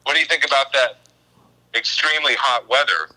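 A man's voice: medium pitch, brisk, noisy background. A man co-hosting a podcast in casual chat, cracking jokes. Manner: joking, wisecracking. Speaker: podcast co-host.

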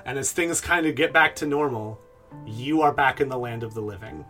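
A man runs a tabletop game and narrates the scene at an easy pace, filling gaps with little pauses. His voice sits in a middle range, with faint music under it. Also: mid-range voice. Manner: relaxed, with many "uh" pauses. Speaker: game master.

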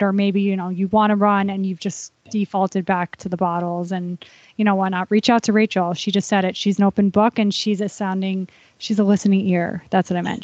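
A woman hosting a podcast as a running coach, bubbly and quick to laugh. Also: medium pitch, no echo. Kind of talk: casual interview chat. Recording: dry, slightly dull audio.

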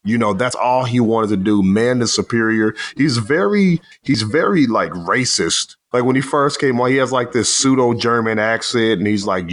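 A man casually discussing a movie in a rambling, animated way, swearing now and then. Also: medium pitch, moderate pace, few pauses.

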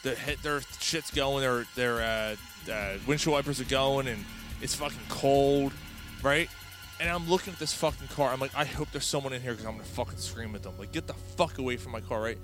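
A man hosting a podcast, telling a story in a casual, animated way and swearing often. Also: medium pitch, fairly quick, music in the background. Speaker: podcast host.

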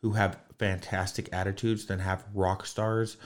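A man's voice: deep voice, little pitch movement, measured pace. A man guesting on a podcast in casual chat, telling stories in an earnest way and mixing in jokes.

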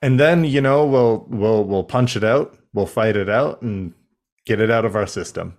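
A man's voice: fairly low pitch, moderate pace, a little mellow. A young man co-hosting a casual chat, who talks loosely, laughs often and swears.

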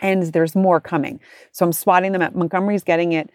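A woman in her forties tells a story in a lowish voice, animated and chatty, slipping into other people's voices. The sound is close and dry, with no room around it. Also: quick pace, no echo. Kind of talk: casual storytelling.

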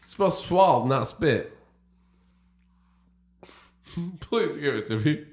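A man's voice: on the high side, animated, slow, reverberant, heavy background noise. A man in improvised comedy banter, talking in a giggly country drawl. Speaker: comedy podcast cast member.

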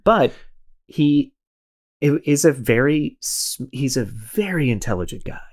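A man's voice: mid-range voice, expressive, a little slow, darkish tone. Brief: male podcast host, mid-range voice, loose and rambling, chuckles a lot. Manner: rambling, self-deprecating, laughs often. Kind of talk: casual chat.

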